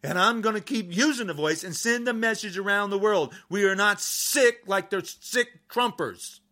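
A man's voice: high voice, moderate pace. A man delivering an angry political rant to camera, agitated and repeating insults as he talks. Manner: furious, repetitive, shouting insults. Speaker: podcaster.

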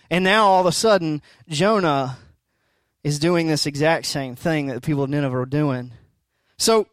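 A man's voice: sits high, no room sound. A middle-aged man preaching a sermon as a pastor, conversational and emphatic, asking rhetorical questions.

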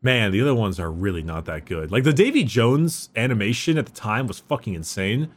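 A man's voice: lowish voice, expressive, fairly quick. Guy hosting a chill podcast, lots of cussing, trails off and restarts a lot, voice goes up and down a ton. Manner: profane, rambling, lots of restarts. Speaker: podcast host explaining lore. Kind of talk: casual podcast chat.

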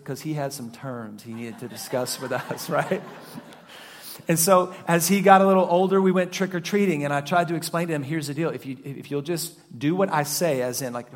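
A middle-aged man preaching a sermon as a pastor, telling family stories with loud animated bursts and quiet mock voices. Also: medium pitch.

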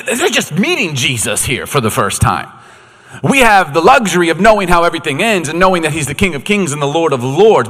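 A man's voice: high voice, long reverb tail. A man preaching a sermon, telling stories and acting out quotes with jokes along the way. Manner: animated storytelling, acts out quotes, joking. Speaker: pastor.

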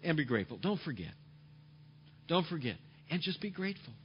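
A male pastor preaching a sermon emphatically, repeating key phrases and dropping to soft tones, on a dull lo-fi recording. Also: on the high side, very animated, fairly quick, a little hiss or hum.

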